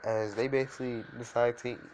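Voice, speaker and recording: A young man improvising a fan-fiction story out loud, rambling with lots of fillers and self-corrections. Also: mid-range voice, level tone, quick pace, background noise.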